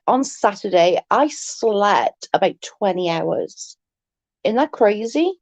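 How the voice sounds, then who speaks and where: A woman's voice: mid-range voice, darkish tone, no echo. A woman chatting to viewers on a casual late-night livestream from her bed, rambling and swearing freely.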